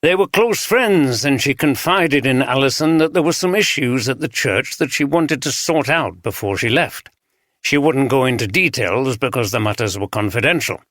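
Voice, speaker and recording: A man doing a steady northern detective. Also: mid-range voice, normal speed, no room sound, studio quality, pitched above the performer's own voice, lightly acted. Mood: calm. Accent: Northern English. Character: steady, unintimidated northern male chief inspector.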